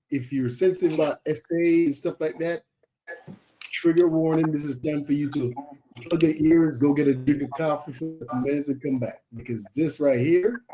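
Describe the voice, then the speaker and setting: A man hosting a casual chat podcast, telling stories in an animated way and acting out voices. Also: fairly high pitch, slight background noise. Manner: animated storyteller, acts out voices. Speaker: podcast host.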